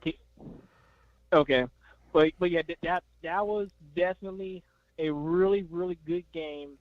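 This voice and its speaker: High-voiced caller, stammering, dull call audio. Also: male voice, no room sound. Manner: stammering, many fillers. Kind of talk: casual sports chat.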